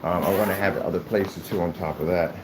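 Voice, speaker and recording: A man with a somewhat low voice chats loosely about his company's products, wandering off track and circling back with fillers. The recording carries a clear layer of background noise. It sounds like an informal vlog made indoors at his office. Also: steady tone, quick pace. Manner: rambling, with many fillers and restarts. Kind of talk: casual vlog talk. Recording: noisy room recording.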